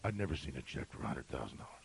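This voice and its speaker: A middle-aged male pastor telling a story in a sermon, swinging from shouting to a hushed whisper. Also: a bass voice, sing-song, very fast, vocal fry, slight background noise, poor audio.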